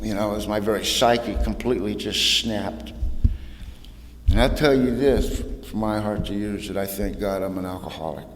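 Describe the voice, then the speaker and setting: Man, low voice, folksy recovery talk, echoey hall, faint room noise. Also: normal speed. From California. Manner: folksy storytelling, says "man" and "you know". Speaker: AA speaker.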